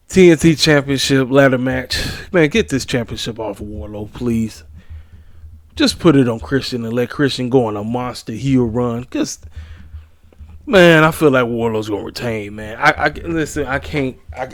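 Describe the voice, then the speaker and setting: A man's voice: medium pitch, dry recording. Man, casual wrestling talk, slangy and emphatic, tired late-night voice, dry close sound. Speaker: wrestling predictions host. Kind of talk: casual chat.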